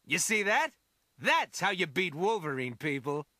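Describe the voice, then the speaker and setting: Zany game mercenary, high voice, super dry close sound, yelling taunts. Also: male voice, big pitch swings, a little slow, dry recording, exaggerated voice. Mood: taunting. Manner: zany, taunting, shouting one-liners. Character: manic wisecracking male mercenary who mocks the player. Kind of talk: video game character voice lines.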